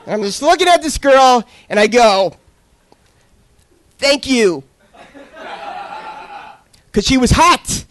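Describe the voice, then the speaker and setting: A man's voice: extremely high pitch, lively intonation, normal speed, hardly any pauses, a bit bright. A young man doing a stand-up comedy set on a club stage, telling awkward self-deprecating stories with crude jokes.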